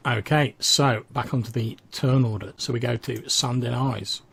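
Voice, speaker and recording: A man narrating a tabletop role-playing session as game master, describing the action in a measured way. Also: mid-range voice, steady tone, gravelly, a bit bright, breathy edge.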